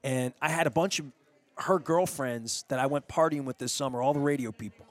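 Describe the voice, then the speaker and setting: Medium-pitched and brisk, this middle-aged man hosts a radio interview in a restaurant, captured in a dry recording. The talk is casual, and he wanders through a long story, starting over many times.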